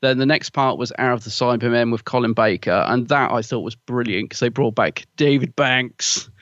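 A man's voice: mid-range voice, normal speed, a bit bright, dry recording, muffled recording. A man co-hosting a podcast in casual chat, hesitant with many fillers but enthusiastic as he recommends things. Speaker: podcast co-host.

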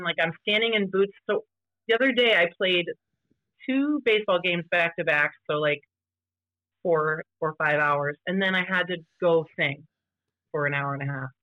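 A woman guest on a podcast, telling stories about playing vintage baseball in an animated, casual way. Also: dry recording, dull audio. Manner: animated, voice jumps high when quoting others. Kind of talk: casual storytelling chat.

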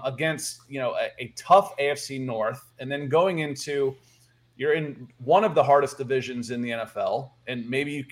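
Man from Georgia rambling on a podcast. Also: mid-range voice. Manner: rambling, repeats words, chuckles. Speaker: podcast co-host. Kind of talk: casual sports talk.

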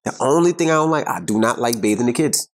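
A man's voice: medium pitch, expressive, fast. A middle-aged man co-hosting a podcast, chatting casually and rambling as he repeats phrases while searching for words. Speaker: podcast co-host. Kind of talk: casual chat.

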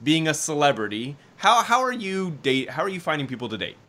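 Man asking questions, bright voice. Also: fairly high pitch, big pitch swings, a little fast. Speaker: host. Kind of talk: casual interview.

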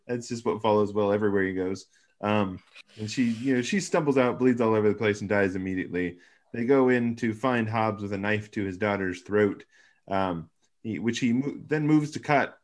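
A man co-hosting a podcast, recapping an episode in casual chat with wry, sarcastic asides and casual swearing. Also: mid-range voice. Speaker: podcast co-host.

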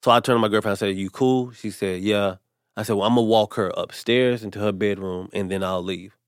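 A man with a fairly low voice tells a personal story in a relaxed podcast chat. He slips into the voices of the people he quotes. The sound is dry and close to the mic. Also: a little fast, smooth, no echo. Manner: animated storyteller acting out quotes. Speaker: comedian guest. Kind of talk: casual storytelling.

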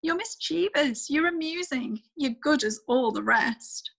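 A woman's voice: high voice, expressive, measured pace, creaky, a bit bright, full character voice. A woman voicing a kind, encouraging female inner voice in a storybook, speaking in reassuring praise.

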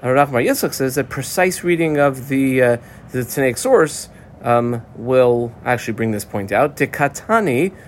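A man's voice: medium pitch, animated, normal speed, slight background noise. Chatty man teaching a text. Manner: chatty, explains and translates terms, frequent fillers and restarts. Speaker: Talmud teacher. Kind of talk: casual study lesson.

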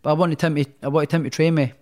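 A man's voice: on the high side, steady tone, fast, darkish tone. A Scottish man being interviewed as a guest, telling his story in a rambling, casual way full of restarts. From Scotland. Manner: rambling, many restarts and fillers, self-deprecating. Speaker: guest, professional boxer.

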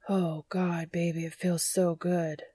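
A woman's voice: lowish voice, flat delivery, slow, mellow, slightly rough, no echo. A woman reading the part of a joking, eager adult man in a casual tone. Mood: teasing, eager. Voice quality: casual and teasing. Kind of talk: audiobook character reading.

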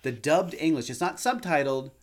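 A man's voice: on the high side, moderate pace. A man co-hosting a podcast, reviewing films in casual chat with wry, playful humor. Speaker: podcast co-host.

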